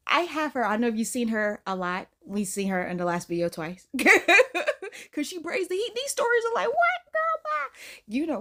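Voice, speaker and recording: A woman with a Southern US accent hosting a casual reaction video, joking and talking animatedly with big jumps in pitch. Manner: animated, jokey, big pitch jumps, says "girl, bye". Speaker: reaction channel host.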